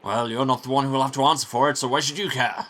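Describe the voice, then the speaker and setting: A man's voice: medium pitch, normal speed, bright, forceful tone, pitched above the performer's own voice. A man doing a stern, scolding old prior. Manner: scolding, contemptuous. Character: stern older male monastery prior.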